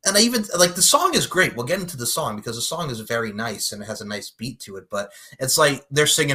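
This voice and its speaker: A man recaps a movie on a pop culture podcast with a husky, bright, forceful voice. His pitch swings widely as he swears, laughs and acts out the characters' lines. The delivery is loose and animated. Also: fast talker, hardly any pauses. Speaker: podcast co-host.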